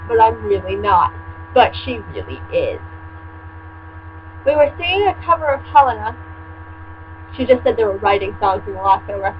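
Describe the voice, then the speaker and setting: A woman reading a story aloud and mocking it with sarcastic, deadpan asides, recorded at home with a steady mains hum behind her. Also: a little high, dull audio. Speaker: fan fiction reader and commentator. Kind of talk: comedic reading with commentary.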